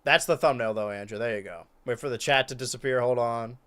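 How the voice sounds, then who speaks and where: A young man streams and commentates a wrestling video game, excitable and out of breath, shouting and pleading at big moments and muttering through his math. His voice is mid-range and fairly quick.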